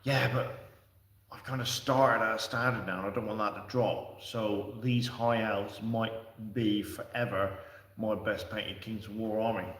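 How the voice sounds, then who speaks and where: A man's voice: on the low side, steady tone, unhurried, fairly bright tone. Chatty man in an echoey room. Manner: chatty and rambling, answering viewers with restarts and fillers. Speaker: livestream host. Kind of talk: casual livestream chat. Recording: echoey room, distant from the mic.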